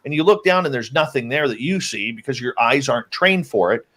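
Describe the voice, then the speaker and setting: Male guest, mid-pitched, casual storyteller who acts out the dialogue. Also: a little fast. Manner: lively, acts out the quoted lines of his companions. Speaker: guest telling an encounter story.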